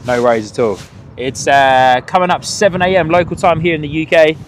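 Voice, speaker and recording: A man's voice: a little high, a little fast. Chatty man commenting live outdoors. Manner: chatty, answers viewer chat, laughs often. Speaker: live stream host. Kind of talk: live plane spotting commentary. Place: outdoors by an airport on a cold windy morning. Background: wind and outdoor ambience.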